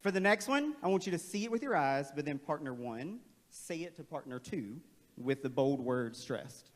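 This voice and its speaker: A man leading a playful, energetic, interactive staff training workshop in a large auditorium. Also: on the high side, normal speed. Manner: playful, energetic, calls on the crowd. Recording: long hall reverb.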